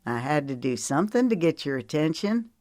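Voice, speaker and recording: A woman's voice: sits low, brisk, dry recording, studio quality. Woman doing a cocky young man with a Southern lilt. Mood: teasing. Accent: slight Southern US. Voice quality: melodic, even voice. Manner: teasing and boastful.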